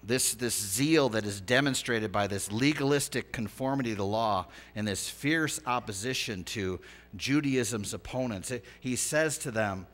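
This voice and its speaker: A pastor delivering a conversational, animated sermon, swinging from hushed asides to loud emphatic lines. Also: male voice, medium pitch, normal speed. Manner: lively, conversational preaching with big swings in loudness.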